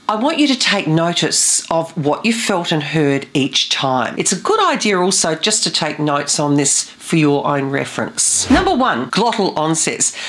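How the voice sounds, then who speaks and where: A woman with a low, deep speaking voice teaches as a vocal coach. She explains things in a clear, methodical way, like a scripted lesson. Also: fairly bright tone.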